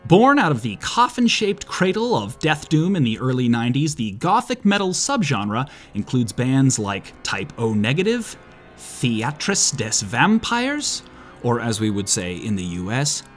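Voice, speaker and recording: A man hosting a comedic podcast monologue, making sarcastic, deadpan jokes with profane asides. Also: mid-range voice, moderate pace, few pauses, soft background music. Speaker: podcast host.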